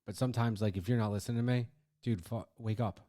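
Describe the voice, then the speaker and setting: A man's voice: lowish voice, steady tone, fast, warm tone. A man co-hosting a casual podcast chat, talking bluntly and frankly and swearing casually. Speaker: podcast co-host.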